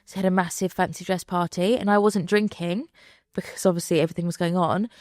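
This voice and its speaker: Woman in her 30s chatting on a podcast, lots of likes and ums, lowish voice, dry mic. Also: fairly even intonation, quick pace, darkish tone, no echo. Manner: chatty, lots of fillers, acts out quoted voices. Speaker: podcast guest. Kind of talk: candid conversational chat.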